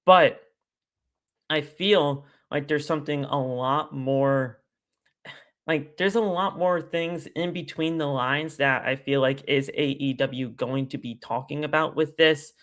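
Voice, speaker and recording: A man as a guest on a casual live stream, talking at length in an animated, rambling way and repeating his stock phrases. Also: a little high, slow pace.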